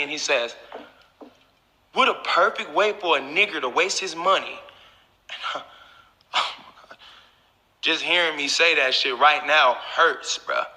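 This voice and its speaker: A man with a piercingly bright voice, pitched a touch high, tells his viewers a story in loose, swear-heavy talk. His voice rings out with a long echo, as if he is filming in a reverberant room. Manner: profane, talks straight to viewers. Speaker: YouTuber. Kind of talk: casual storytelling to camera.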